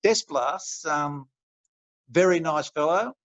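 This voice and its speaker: A man's voice: a little high, takes it slowly, fairly bright tone, dry recording. Retired Australian referee in his later years, chatty and anecdotal, dull recording with no room sound. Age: older. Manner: rambling, chuckling, many restarts. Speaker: retired referee, interview guest. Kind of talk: relaxed storytelling in an interview.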